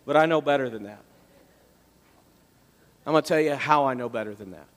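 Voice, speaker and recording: A male pastor, preaching a sermon with dramatic storytelling that swings between loud passages and quiet ones. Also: mid-range voice, a little fast, long reverb tail.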